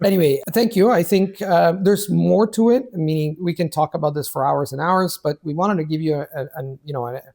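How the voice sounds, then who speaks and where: A man, a language coach, talking in casual conversation, animated and restarting his words often while he acts out quoted speech. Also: a little high, brisk, gravelly, few pauses. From Italy.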